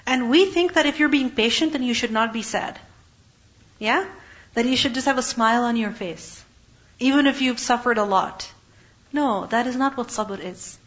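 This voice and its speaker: A woman giving a religious lesson, asking questions and answering them herself, and reciting verses slowly. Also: on the high side, a bit bright, lo-fi sound. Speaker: Quran teacher.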